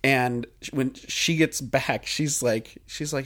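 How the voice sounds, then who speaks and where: A man co-hosting a podcast, telling a story in a casual, animated way and acting out quotes. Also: measured pace, hardly any pauses. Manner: animated, acts out quotes in high voices. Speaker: podcast co-host.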